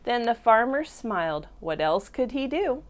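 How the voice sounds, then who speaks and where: A woman teacher reading a picture book to toddlers, slow and expressive, stopping to ask the children questions. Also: on the high side. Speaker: preschool teacher. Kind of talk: storybook read-aloud for toddlers.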